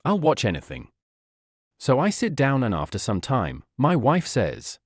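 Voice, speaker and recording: A man's voice: medium pitch, wildly swooping pitch, a little slow, slightly rough, dry recording, clean studio sound. A man telling short scripted jokes in a casual, conversational way. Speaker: joke teller. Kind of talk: scripted joke narration.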